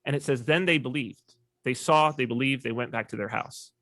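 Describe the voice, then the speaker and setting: A man talking as a podcast guest in casual conversation, an animated storyteller who acts out quoted voices. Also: mid-range voice, brisk, no room sound, clean studio sound.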